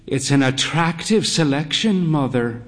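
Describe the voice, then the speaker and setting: A thin, fey gentleman in the last stretch of middle age, put on by a male narrator, talking in arch, theatrical turns. His voice sits a touch above the narration, slow and drawn out, as if savouring each phrase. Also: on the high side, lively intonation, a little hiss or hum.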